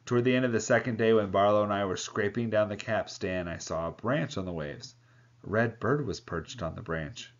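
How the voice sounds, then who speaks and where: Voicing each character as he goes, a man with a low voice reads from a novel a little fast, occasionally breaking off to remark on it. The audio is dull and lo-fi.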